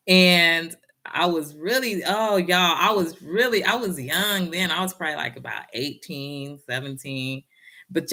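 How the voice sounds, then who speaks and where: A woman's voice: on the low side, sharp tone. A woman giving a casual motivational talk and telling a personal story, speaking in a down-home way and often addressing her listeners directly.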